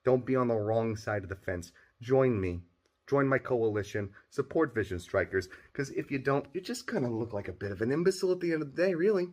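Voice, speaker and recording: A brash, foul-mouthed male fanatic with a New Jersey accent, put on by a man in a recorded video. He rants with a swaggering trash-talker's bluster, in a voice of middling pitch. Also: expressive, fairly quick, a little mellow, lightly acted. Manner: swaggering trash-talking rant.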